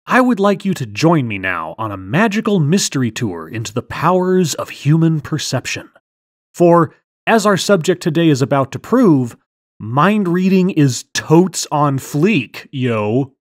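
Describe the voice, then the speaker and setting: A woman's voice: low-pitched, very animated, moderate pace, dry recording. A woman hosting a comedy skit in a mock mind-reader persona, talking in a theatrical, dry, sardonic way. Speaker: host.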